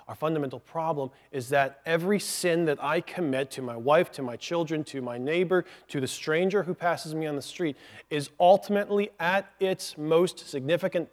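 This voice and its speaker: A man preaching a sermon as pastor, earnestly explaining a point step by step with asides. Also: mid-range voice.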